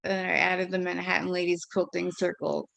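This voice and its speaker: A woman writer chatting about her piece in an excitable, self-deprecating way, tripping over her words. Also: fairly low pitch, moderate pace, vocal fry, no room sound. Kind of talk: casual chat.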